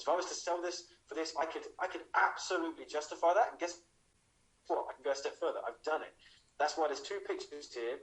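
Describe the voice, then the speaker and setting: A man with an English accent giving an emphatic online sales pitch as a webinar presenter, tossing in rhetorical questions and a habitual "okay?". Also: low-quality recording.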